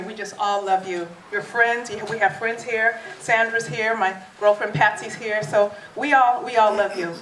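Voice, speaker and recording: A woman's voice: medium pitch, steady tone, normal speed, few pauses, background noise. A woman giving a birthday toast at a family party, telling a story animatedly and acting out the voices she quotes, with frequent laughter. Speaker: daughter giving a birthday speech. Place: party hall. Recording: echoey hall with crowd.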